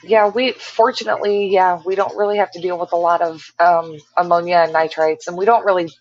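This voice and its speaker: A woman joining a livestream as a guest over a video call, relaxed and easygoing. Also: lowish voice, a little fast, no room sound. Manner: easygoing, laughs often. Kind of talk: casual chat. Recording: dull, dry video-call audio.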